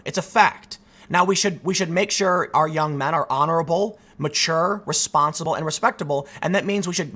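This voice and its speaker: Guy ranting on his show, fired up and animated, kinda high voice. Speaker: commentary show host. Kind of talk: opinion rant to camera.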